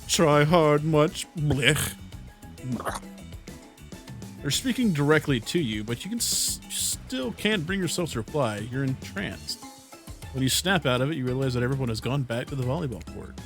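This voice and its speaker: A young man narrating a dating game as a let's play host, breaking off to joke and laugh. His voice sits in a medium pitch. Faint music runs underneath. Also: very animated, brisk. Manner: playful, laughs between lines. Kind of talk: reading game text aloud with jokes.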